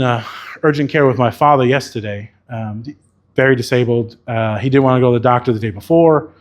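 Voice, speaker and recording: A man speaks at a conference keynote in a casual, candid way, swearing freely as he talks. His voice sits in an ordinary middle pitch. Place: conference venue.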